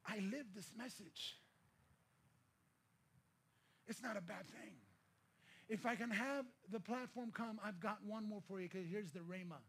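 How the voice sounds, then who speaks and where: A middle-aged man from the Philippines preaching a sermon as pastor, telling a personal story and swelling into shouted, pleading passages. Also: sits high, normal speed, breathy edge.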